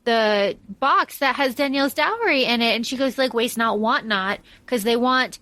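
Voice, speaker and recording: Gushing woman podcast co-host, higher voice. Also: moderate pace, sharp tone, dry recording. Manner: enthusiastic, gushing. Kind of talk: casual chat.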